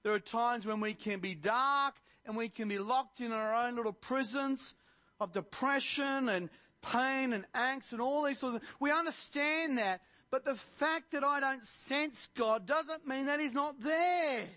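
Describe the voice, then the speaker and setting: An impassioned male preacher delivering a sermon in a strikingly high-pitched voice. His tone is bright and forceful, and he builds to emphatic, proclaiming lines. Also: a little slow.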